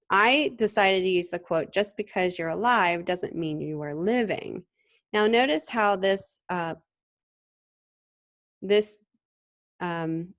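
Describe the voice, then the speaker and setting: A woman teaching a design class in a screen-recorded software tutorial, talking in a relaxed, conversational way with frequent ums and restarts. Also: fairly low pitch. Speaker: design instructor.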